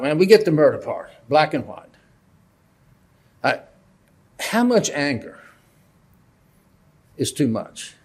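A man giving a casual, conversational Bible lesson from a lectern, asking the audience questions and joking at his own expense. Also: mid-range voice. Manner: conversational, questioning, self-deprecating humor. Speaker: Bible teacher.

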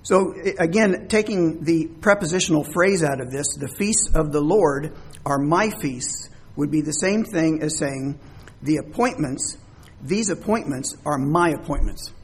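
A man's voice: a little high, unhurried, husky. A man preaching a sermon, explaining scripture words with everyday examples. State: coughing, throat troubled. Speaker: pastor.

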